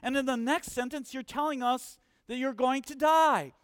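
A man preaching a sermon, animated, acting out quotes and asking questions. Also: very high voice, normal speed, clear, resonant tone, dry recording, clean studio sound.

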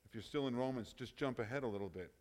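A man preaching a sermon, emphatic, often rising in loudness and then dropping low. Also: fast talker.

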